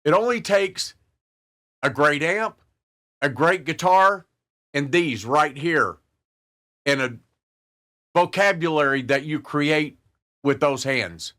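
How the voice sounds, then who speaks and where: An earnest man hosts a guitar channel. His voice is slightly high and bright. He talks very slowly and drives his points home by repeating them. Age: 60s. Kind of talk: casual talk to camera.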